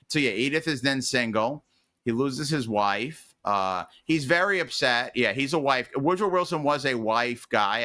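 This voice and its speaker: A man with a bright, forceful voice talks through history in a loose, rambling way. He is opinionated and full of fillers and restarts, like a podcast host chatting casually. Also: medium pitch.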